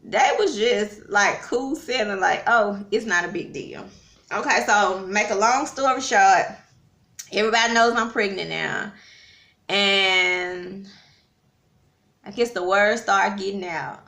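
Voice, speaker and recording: A woman tells a personal story in a chatty, casual way and talks straight to her viewers. Her voice is bright and clear, and the room around her is noticeably echoey. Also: mid-range voice, slow pace. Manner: chatty, addresses viewers, frequent fillers. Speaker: vlogger. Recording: roomy echo.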